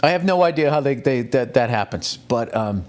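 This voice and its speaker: A middle-aged male comedian rambling through a casual, profane monologue, telling stories in an animated way. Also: mid-range voice, moderate pace. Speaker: comedian, podcast host.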